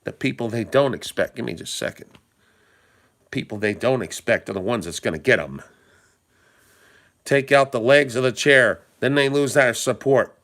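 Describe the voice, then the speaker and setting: A man's voice: medium pitch, fairly bright tone. A man giving casual, rambling commentary to his viewers, emphatic and full of rhetorical questions he puts straight to the audience. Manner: addresses viewers directly and informally. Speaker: political commentary vlogger. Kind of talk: casual talking-head commentary.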